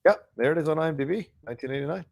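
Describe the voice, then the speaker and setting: Gravelly-voiced man in casual chat. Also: fairly high pitch, a little mellow. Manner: enthusiastic, swearing, quick reactions. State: stuffed up. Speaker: podcast co-host.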